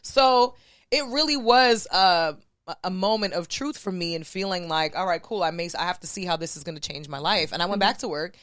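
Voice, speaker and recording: A woman's voice: on the low side, a little fast, no room sound, clean studio sound. A woman in her thirties from New York City, telling stories casually as a podcast guest and acting out what other people said. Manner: animated, acts out quoted voices of others. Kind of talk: casual storytelling chat.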